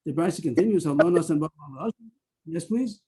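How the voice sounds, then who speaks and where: A man teaching a Talmud class over a video call, explaining quickly and weaving in Hebrew and Aramaic terms. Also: on the high side, lively intonation, mellow.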